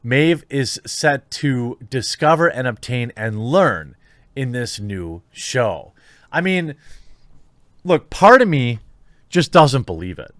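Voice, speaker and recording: A man's voice: mid-range voice, very animated, takes it slowly, fairly bright tone, dry recording, clean studio sound. A man hosting a commentary show, reading out reports and reacting with sarcastic disbelief. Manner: sarcastic, incredulous, reads out reports then riffs. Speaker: commentary channel host. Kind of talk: opinionated commentary monologue.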